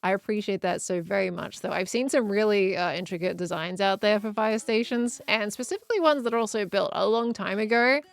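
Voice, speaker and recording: A woman's voice: mid-range voice, brisk, gravelly, few pauses, dry recording. A woman with an Australian accent, chatting casually on a live stream as she builds and answers viewers. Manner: chatty, reads out chat messages and reacts to viewers.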